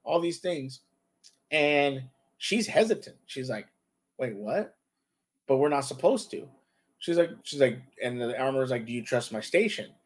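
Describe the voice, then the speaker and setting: A man hosting a relaxed talk show about a TV episode. He retells the scenes with lively quoted lines and talks in an average pitch for a man. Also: measured pace. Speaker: podcast host. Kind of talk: casual show review chat.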